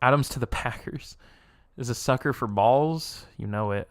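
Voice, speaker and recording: A young man live streaming, reacting and reading chat aloud in an excitable way, laughing often and swearing casually. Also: mid-range voice, a little slow, no echo, clean studio sound.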